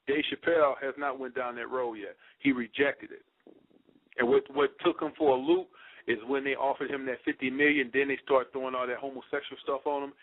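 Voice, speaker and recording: A man giving an emphatic, preachy lecture to his listeners in a slangy style, hammering the same points again and again. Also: medium pitch. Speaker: speaker addressing listeners. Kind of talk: conspiracy lecture. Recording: dry tinny phone-like sound.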